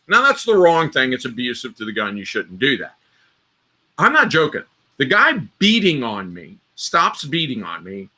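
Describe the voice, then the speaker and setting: Animated man telling rambling army stories. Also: fairly high pitch. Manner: rambling, animated war stories with sudden loud outbursts. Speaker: host. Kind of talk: live stream storytelling.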